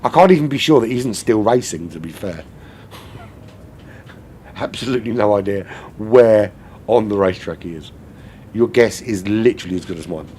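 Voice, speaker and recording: A man's voice: fairly low pitch, animated, normal speed, pauses often, warm tone, slight background noise. A man giving live sim racing commentary in a rambling, jokey way, swearing casually. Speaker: race commentator.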